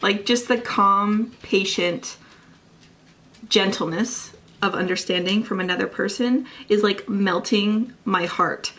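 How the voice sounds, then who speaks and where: A woman's voice: medium pitch, takes it slowly, a bit bright. A young woman chatting casually in a reading vlog, gushing and swearing lightly, with lots of "like" in her talk. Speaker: book vlogger. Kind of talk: casual chat.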